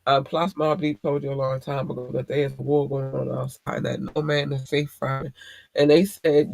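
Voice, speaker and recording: A man's voice: medium pitch, little pitch movement, moderate pace, gravelly, darkish tone, no room sound. A man hosting a podcast, giving blunt, profane advice in a casual monologue. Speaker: podcast host.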